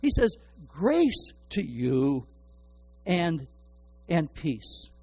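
A man's voice: a little high, big pitch swings, extremely slow, gravelly, darkish tone, breathy edge, rough recording. A middle-aged man preaching a sermon, earnest, often repeating and restarting his words. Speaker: pastor.

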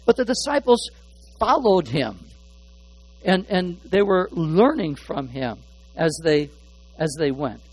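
A man preaching from the pulpit in a high, light voice. He stumbles and repeats little words as he gropes for a phrase. Then he leans hard on single words before dropping back to a near murmur. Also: very animated, poor audio. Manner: halting, repeats words while searching for phrasing; shifts between hushed asides and emphatic stressed words. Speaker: pastor. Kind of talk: sermon.

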